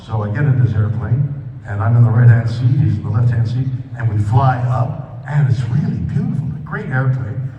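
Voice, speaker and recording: A man's voice: mid-range voice, sing-song, a little fast, dark tone, a little hiss or hum. A man on stage at a convention, telling a rambling, self-mocking anecdote with many restarts. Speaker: convention guest speaker. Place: large convention hall. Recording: echoey hall, mic picked up from a distance.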